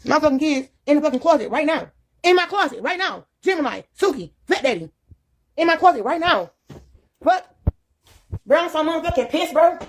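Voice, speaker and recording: A woman heard in a played video clip rants in fury, with nonstop cursing and agitated repetition. She has a high, expressive voice and a brisk delivery, with a faint hiss or hum in the audio.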